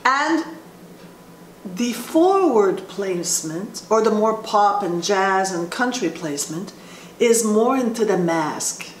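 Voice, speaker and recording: A woman voice teacher explaining vocal placement in a slow, halting way, often restarting her sentences. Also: mid-range voice, lively intonation. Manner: explains slowly with frequent restarts. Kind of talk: instructional talk with sung demonstrations. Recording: roomy echo with faint ambient noise.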